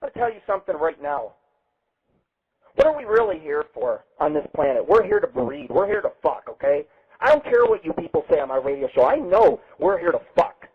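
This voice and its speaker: Husky, brash, foul-mouthed male show host. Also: on the high side, very animated, fairly quick. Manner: brash, boastful and heavily profane. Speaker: host of a live internet radio show. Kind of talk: rambling live webcast radio hosting. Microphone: webcam setup. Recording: tinny lo-fi phone-like sound.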